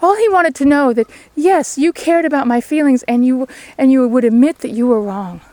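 A woman with a somewhat high voice delivers an outdoor devotional sermon, standing beside a sheep paddock. She speaks in an earnest, pleading manner, urging her listeners. The sound is dry and close, with no echo. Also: moderate pace, warm tone. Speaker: lay preacher.

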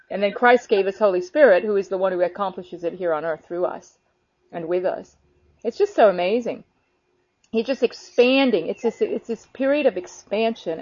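A woman talking casually about her faith, earnest and animated, filling her talk with "you know.". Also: medium pitch, no echo. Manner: animated, earnest, many fillers. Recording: dull lo-fi sound.

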